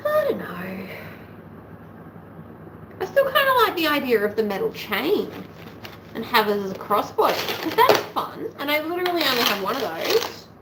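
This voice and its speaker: A woman's voice: sits high, sing-song, fairly quick, noisy background. An Australian woman hosting a sewing livestream, chatting casually and rambling as she thinks aloud at home.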